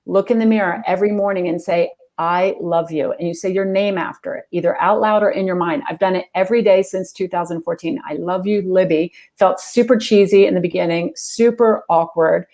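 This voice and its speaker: A woman guest, an executive coach, giving earnest, fast-moving answers about love and spirituality in an interview. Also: mid-range voice, fairly even intonation, darkish tone.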